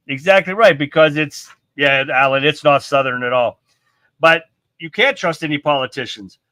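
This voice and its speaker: A man's voice: fairly high pitch, fairly bright tone, dry recording. A middle-aged man hosting a live stream, giving blunt, profane political commentary and reading viewer comments aloud.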